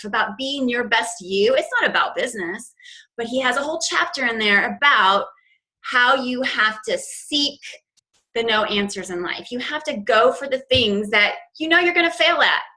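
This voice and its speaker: Woman, business coach, informal team training, chatty, fillers, bright tone. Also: a little high, poor audio. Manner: chatty, with many fillers and restarts.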